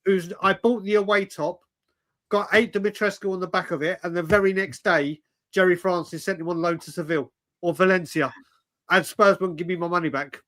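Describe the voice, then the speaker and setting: A man's voice: sits high, fairly even intonation, fairly quick, pushed and bright. A man, telling stories animatedly on a casual live stream, swearing and saying "mate" constantly. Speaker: co-host.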